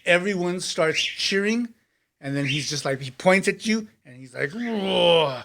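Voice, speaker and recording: A man narrates a tabletop game as game master, his voice sitting a touch high. He sets each scene in a loose, chatty way, full of fillers. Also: expressive, normal speed, noisy background.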